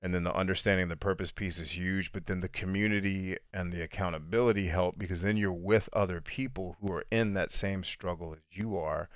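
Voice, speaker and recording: A man life coach chatting casually on a livestream, reading viewer comments and answering them. He talks in animated fast bursts that slow into a deliberate cadence. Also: deep voice, no room sound, clean studio sound. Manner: conversational, addresses viewers as friends and dude.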